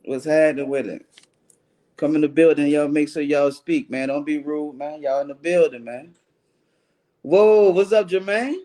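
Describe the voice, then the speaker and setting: Livestream host, man, slangy laid-back banter, bit high voice. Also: moderate pace, dark tone. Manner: loose slangy banter, calls out viewers by name. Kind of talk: casual livestream chat greeting viewers.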